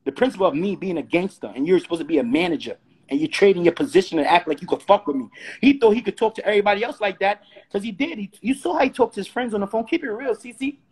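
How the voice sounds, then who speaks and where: A man's voice: high voice, expressive, fast, a little mellow, husky. A man, ranting on a live stream and firing rhetorical questions. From Brooklyn, New York. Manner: combative, repeats rhetorical questions. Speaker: host. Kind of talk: heated live-stream rant. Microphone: phone or webcam on a live stream.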